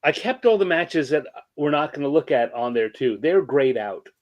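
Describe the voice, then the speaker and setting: A man co-hosting a casual podcast, joking with his co-host and then calmly laying out the episode plan over a remote call. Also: fairly high pitch, normal speed, dry recording, highs cut off. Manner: playful, jokey banter; organized, walks through the plan.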